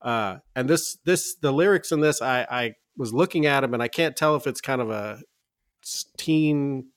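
A man's voice: mid-range voice, moderate pace, no echo. Male co-host, easygoing and enthusiastic, talks in loose bursts, dry booth sound. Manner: enthusiastic, laughs often, rambling opinions. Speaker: podcast co-host. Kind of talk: casual music review chat.

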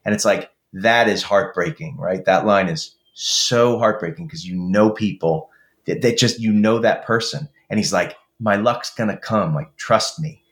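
A man's voice: fairly low pitch, measured pace, fairly bright tone. A man co-hosting a casual chat, talking with enthusiasm and rambling with lots of fillers. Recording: roomy echo.

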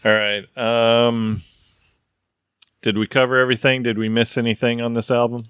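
A man's voice: medium pitch, little pitch movement, normal speed, a bit bright, smooth, dry recording, clean studio sound. A man hosting a casual podcast, giving brief friendly replies and reading out scores. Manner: brief, affable acknowledgements, reads out scores. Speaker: podcast host. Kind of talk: casual chat.

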